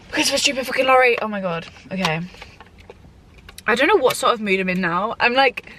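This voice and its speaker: A young woman in her twenties chatting casually while driving, excitable and swearing often. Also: mid-range voice. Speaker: vlogger. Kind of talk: casual chat. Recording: loud road noise from the car.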